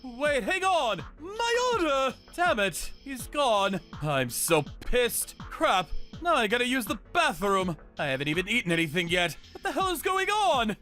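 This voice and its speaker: A man voicing an irritable young male customer in an animated dub, muttering complaints and snapping into yells. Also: extremely high pitch, unhurried, faint music behind, heavily acted. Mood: annoyed. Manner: grumbling asides, sudden yelling.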